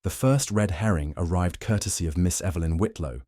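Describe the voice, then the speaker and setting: A male narrator reads a mystery audiobook in a measured, wry way. His voice sits very low. The recording is close and dry. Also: dark tone, no echo. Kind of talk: scripted narration.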